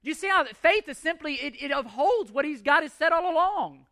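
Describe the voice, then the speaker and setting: High, bright-voiced man preaching. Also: lively intonation, a little fast, no room sound, studio quality. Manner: emphatic, rhetorical questions, repeats words. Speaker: pastor. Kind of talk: sermon.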